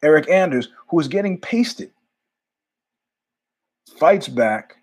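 A middle-aged man from New York hosting his own show, telling stories in a rambling, animated monologue full of asides. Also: a little high, slow pace, breathy edge. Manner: rambling, animated, jumps between tangents with asides. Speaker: podcast host. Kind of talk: casual monologue storytelling.

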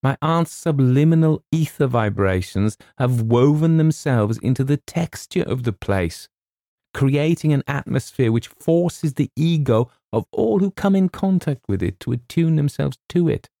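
A man's voice: medium pitch, lively intonation, measured pace, creaky, dark tone, no room sound, studio quality, voice pushed up. A man doing a fretful young bachelor writer. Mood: earnest.

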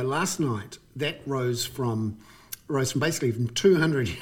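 A man with a New Zealand accent giving a casual, wry spoken commentary on markets, chatty with frequent fillers and bursts of emphasis. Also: medium pitch. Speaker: economics commentator.

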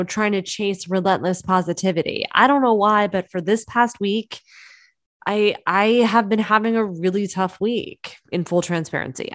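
A young woman talks straight to her listeners in a solo podcast, chatty and upbeat, coaching them on business and calling them friends. Her voice sits at an ordinary middle pitch.

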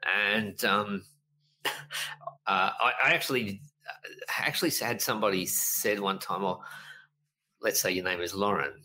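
A middle-aged business coach in a casual podcast interview, telling stories in an animated way and acting out quotes. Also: male voice, lowish voice, measured pace, pauses often, a little hiss or hum, poor audio. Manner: animated storyteller, lively voices for quotes, frequent laughs.

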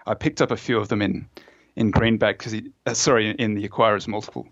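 Fast and steady, this fairly low-pitched man sounds a bit muffled, with the highs cut off and no echo. An author and fund manager appearing as a podcast guest, he explains at length and tells stories, using fillers and restarts.

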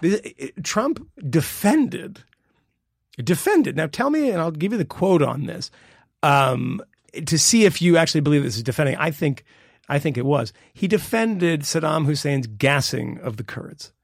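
Brief: middle-aged male podcast co-host, gravelly fry in the voice, rambling and emphatic, dry close mic. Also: very animated, normal speed, no room sound. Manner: rambling and emphatic, with sudden jumps in pitch. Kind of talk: casual political podcast chat.

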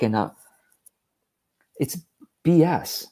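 A man's voice: a little high, expressive, normal speed, a little mellow. A man giving a direct-to-camera business talk in a blunt, exasperated, emphatic manner. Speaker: business coach.

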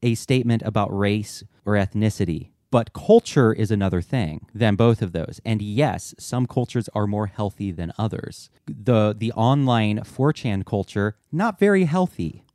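A man's voice: fairly low pitch, lively intonation, normal speed, few pauses, mellow, dry recording, studio quality. A man hosting a podcast in a living room, talking casually and earnestly, thinking aloud with emphatic restarts, and reading statements aloud. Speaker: podcast host. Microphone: studio headphones with mic.

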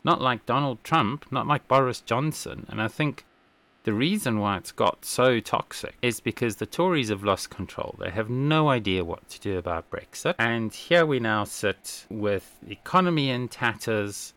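Animated man hosting a podcast. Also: lowish voice, no room sound. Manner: opinionated, animated, laughs often. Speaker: podcast host. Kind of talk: casual political commentary.

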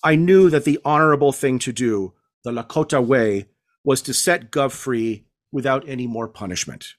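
A male author reading his novel aloud as measured, hard-edged first-person narration. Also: medium pitch.

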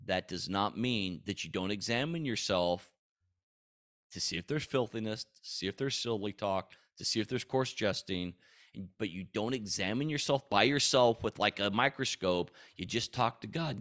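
A man's voice: on the low side, moderate pace. A man hosting a Christian podcast, talking casually and earnestly in a rambling way, with frequent restarts and bursts of animation. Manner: rambling, repeats himself and restarts, with animated bursts when quoting God. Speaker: podcast host.

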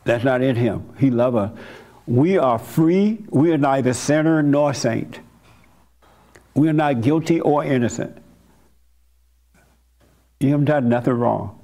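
Older male pastor with a gravelly voice, mid-pitched, preaching with acted-out quotes. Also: measured pace, long pauses, warm tone. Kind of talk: sermon.

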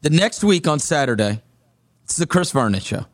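A man telling a story in casual conversation as a guest, animated, acting out what people said, with lots of fillers. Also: on the high side, normal speed. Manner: animated, acts out quoted dialogue, many fillers like "like" and "whatever".

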